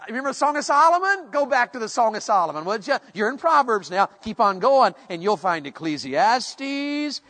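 A male pastor preaching a sermon, animated and jokey, now and then bursting into shouts. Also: high-pitched. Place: large church hall. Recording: echoey church hall.

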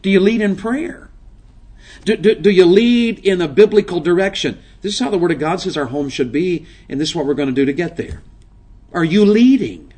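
A middle-aged man preaching a sermon to a men's session. He moves from quiet, probing questions to loud, emphatic, driving delivery. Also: sits high, brisk, breathy edge.

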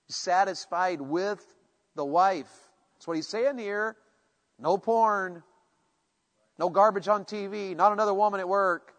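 A male pastor preaching a sermon, animated and jokey, now and then bursting into shouts. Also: sits high. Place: large church hall. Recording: echoey church hall.

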